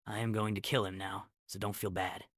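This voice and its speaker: A henpecked demon king murmurs in a low, subdued voice, trying to placate his wife; a man puts him on. The tone is bright and dry, with a quiet, timid delivery. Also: level tone, brisk, no echo, lightly acted. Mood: soothing. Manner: soft, placating.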